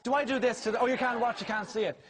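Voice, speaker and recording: A man with an Irish accent hosting a TV chat show, teasing and quick-witted. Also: very high voice, fairly even intonation. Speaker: talk show host. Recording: TV studio with loud audience and noise.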